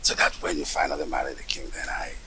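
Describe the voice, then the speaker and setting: An actor playing a scheming man in a secret affair, talking in a hushed, gravelly, conspiratorial way in a Nollywood film. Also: a bass voice, little pitch movement, fast talker, a little hiss or hum, full character voice, low-quality recording. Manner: conspiratorial, reassuring.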